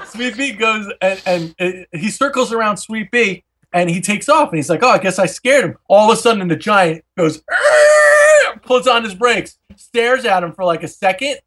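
A man hosting a podcast, telling a wild story in a casual, animated way, swearing freely and acting out every character. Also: sits high, moderate pace. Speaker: podcast host.

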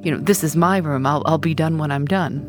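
A woman hosting a podcast, narrating and asking questions with a lively, expressive delivery. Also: low voice, a little fast, music in the background. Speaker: podcast host.

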